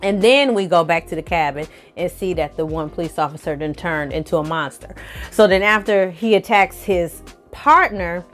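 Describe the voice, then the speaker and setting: A woman recapping an episode in a casual vlog, animated and profane, acting out the characters' lines as she tells it. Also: medium pitch. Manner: animated, profane storytelling with acted-out quotes. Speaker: film review vlogger.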